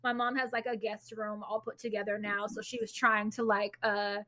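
A woman's voice: medium pitch, flat delivery, normal speed, pushed and bright. A woman podcast co-host in casual chat, blunt and profane in her reactions.

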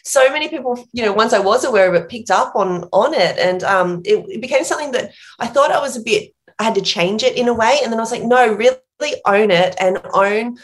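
A woman's voice: a little high, a little fast, few pauses. Chatty Australian woman telling stories. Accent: Australian, small-town coastal. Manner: chatty storyteller, many fillers and restarts. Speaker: guest, author and business founder. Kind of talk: casual interview conversation.

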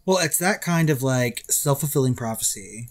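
A man's voice: mid-range voice, expressive, normal speed. Giggly swearing podcast man, noisy recording. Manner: giggly, swears freely, breaks into song. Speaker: podcast co-host. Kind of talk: casual banter, outtakes.

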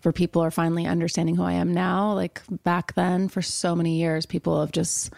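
A woman being interviewed on a podcast, talking softly and casually with many "like" and "you know" fillers. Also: lowish voice, flat delivery, brisk, vocal fry, no echo, studio quality. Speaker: interview guest.

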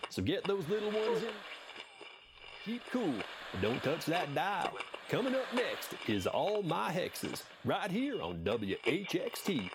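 A man's voice: a little high, big pitch swings, measured pace, noisy background. A man voicing a chirpy small-town radio announcer with a bouncy, sing-song delivery. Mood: chipper.

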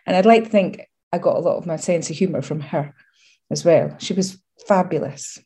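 A woman's voice: lowish voice, a little fast. A middle-aged Scottish woman giving a candid interview, telling stories with humour and pride. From Scotland. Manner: lively, humorous, proud storytelling. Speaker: interview guest.

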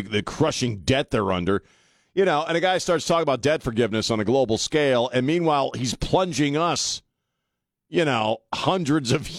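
A man's voice: medium pitch, dry recording. Male talk radio host, blunt and sarcastic, rambling monologue, dry close studio sound.

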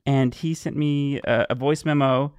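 A man's voice: mid-range voice, fairly even intonation, a little slow, a little mellow, clean tone, dry recording, studio quality. A man co-hosting a podcast in casual chat, talkative and laughing often with many fillers. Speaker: podcast co-host.

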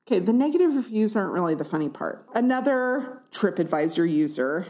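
A woman's voice: mid-range voice, brisk. A woman co-hosting a casual podcast chat, reading online reviews aloud and giggling through them. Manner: giggly, animated storyteller. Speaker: podcast co-host.

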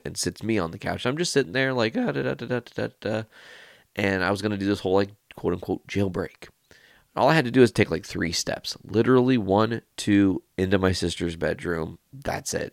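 A man hosting his podcast, telling a personal story in a casual, rambling, animated way and swearing freely. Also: low-pitched, vocal fry, no echo, clean studio sound. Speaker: podcast host.

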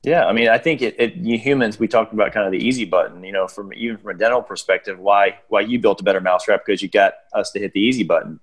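A man's voice: lowish voice, quick pace, hardly any pauses. A man hosting a podcast, chatting in a rambling, playful way. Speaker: podcast host. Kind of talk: casual podcast chat.

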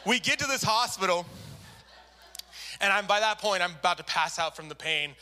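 Animated preacher with a bright, high voice. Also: male voice, moderate pace, clean tone. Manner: animated, acts out the people in his story. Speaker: pastor. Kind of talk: storytelling sermon.

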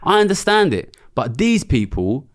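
A man's voice: fairly high pitch, very animated, normal speed. A man, a former trader giving an interview in a blunt, passionate, sweary way. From England. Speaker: economist and former trader, guest.

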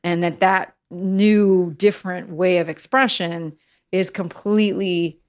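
A woman guest in an interview, talking in an animated way, often restarting her sentences and using fillers like "like" and "you know". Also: on the low side, a little slow. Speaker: guest, messaging consultant. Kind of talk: conversational interview.

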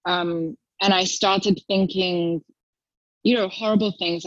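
Brief: young woman, animated storyteller, dry and slightly dull recording. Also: moderate pace, no echo. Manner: chatty storyteller, acts out quotes in a high voice. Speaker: guest. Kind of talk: casual chat.

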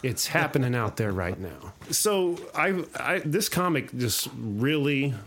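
A man hosting a casual chat show, retelling a story in a long-winded, animated way. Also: mid-range voice, measured pace, slight background noise.

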